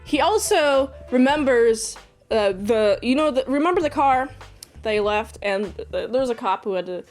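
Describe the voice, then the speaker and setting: A woman's voice: fairly high pitch, lively intonation, moderate pace, faint music behind. A woman reviewer casually recapping a movie, rambling with sarcastic asides.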